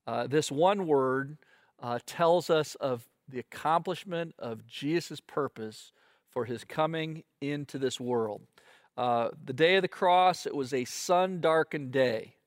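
A man's voice: on the high side, no room sound, clean studio sound. A man preaching a sermon as pastor, earnest, with frequent fillers and repeated words.

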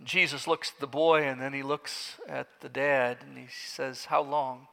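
A man's voice: mid-range voice, fairly even intonation, unhurried, gravelly, sharp tone. A man preaching, telling the story vividly and emphatically, with his voice swelling at the climaxes. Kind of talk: dramatic sermon storytelling. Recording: echoey hall.

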